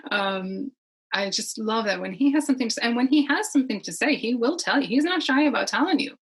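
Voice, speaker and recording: Husky-voiced chatty woman. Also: medium pitch, low-quality recording. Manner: chatty, rambling, laughs often. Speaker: podcast guest. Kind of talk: casual conversation.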